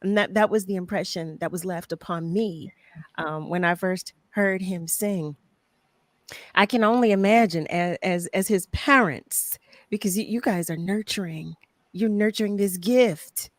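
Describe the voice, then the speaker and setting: An effusive woman hosts a live talk show and greets her viewers by name. Her voice sits at a middle pitch and sounds close and dry, with no room around it. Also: unhurried, dry recording. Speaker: host. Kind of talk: casual interview chat.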